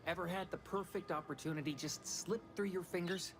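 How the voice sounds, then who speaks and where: A wheedling corporate schemer. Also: male voice, high voice, fairly even intonation, brisk, fairly bright tone, soft background music. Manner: folksy, wheedling salesman patter. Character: scheming talkative corporate underling man. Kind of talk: video game dialogue.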